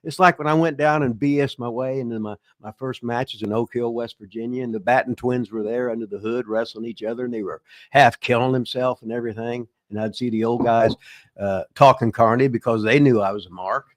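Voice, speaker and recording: An older man spins rambling stories in a casual live chat, his voice sitting in a middling pitch. He stops and restarts often, leaning on fillers and chuckling now and then. The sound is close and dry, with no room around it. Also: steady tone, brisk, no echo. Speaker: host, veteran wrestler and former booker.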